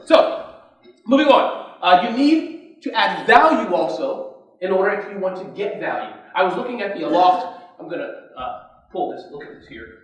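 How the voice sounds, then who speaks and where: Energetic male conference speaker, interactive, recorded from a distance in a roomy hall. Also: high voice. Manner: energetic, keeps quizzing the audience. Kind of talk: motivational business talk. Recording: echoey hall, distant mic.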